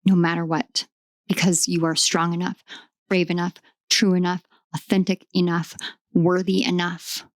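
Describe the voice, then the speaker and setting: A woman's voice: lowish voice, little pitch movement, normal speed, no room sound, studio quality. A woman doing a tarot card reading, speaking in emphatic, repetitive affirmations. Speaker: tarot reader.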